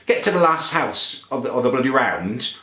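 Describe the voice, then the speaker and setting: This man's mid-range voice is sharp-toned and very animated, moving at normal speed as he plays a character for a comedy vlog. He delivers a pompous, indignant rant to camera in an angry monologue, recorded in an echoey room.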